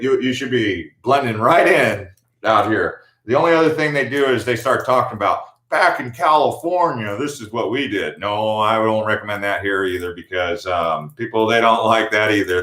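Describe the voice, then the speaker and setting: A man's voice: medium pitch, a bit bright. An American man hosting a livestream, chatting casually and in a laid-back, slangy way while answering viewer comments. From United States. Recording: echoey room.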